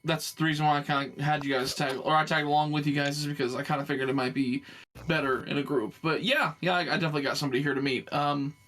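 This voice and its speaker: A man talking as a player in a tabletop game, halting and full of fillers and restarts. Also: on the high side, steady tone, a bit bright. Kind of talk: casual tabletop game chat.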